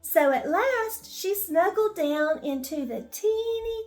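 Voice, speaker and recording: An older woman reading a children's bedtime story, gently asking the listening children questions as she goes. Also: very high-pitched, lively intonation, takes it slowly, soft background music.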